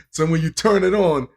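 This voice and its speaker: A man hosting a podcast in casual chat, rambling and joking with frequent chuckles. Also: on the high side. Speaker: podcast host.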